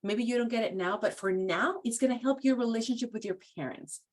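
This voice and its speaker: Woman, professional training presenter, casual and chatty, somewhat high voice. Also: a little fast, darkish tone. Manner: casual, full of "like" and "you know", acts out quotes. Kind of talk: conversational training talk.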